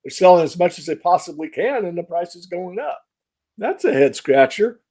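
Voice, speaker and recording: A man's voice: high-pitched, sing-song, normal speed, darkish tone. A man answering interview questions as a metals analyst, talking in a conversational and emphatic way. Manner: conversational, emphatic, with fillers and restarts.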